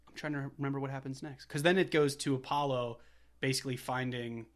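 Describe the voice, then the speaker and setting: A man's voice: mid-range voice, steady tone, fairly quick. A young man co-hosting a film podcast, chatting casually and retelling scenes with quoted lines and laughs. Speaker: podcast co-host. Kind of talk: casual chat.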